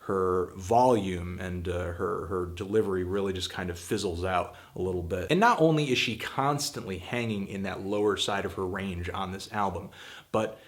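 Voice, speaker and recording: A man's voice: sits low, moderate pace. A man hosting his own show, giving a casual spoken album review, blunt and full of hedging fillers, getting emphatic and exasperated at times. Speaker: music critic and show host.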